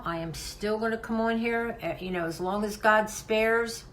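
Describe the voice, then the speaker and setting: An older woman hosting a craft channel talks to her viewers in a heartfelt, rambling vlog, often restarting her sentences. Her medium-pitched voice is fairly bright at a normal speed, though the low-quality recording carries a little hiss or hum.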